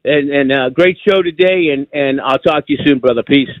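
A man's voice: medium pitch, fairly quick, dry recording. A man in his sixties from New York, calling into a sports radio show and talking in a rambling, repetitive, emphatic way. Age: 60s. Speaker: caller. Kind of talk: call-in radio chat. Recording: muffled phone line.

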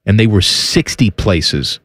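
A man's voice: lowish voice, big pitch swings, slow, a bit bright, dry recording. Joking man on a sports chat show. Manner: joking, rambling, reads stats aloud. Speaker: co-host.

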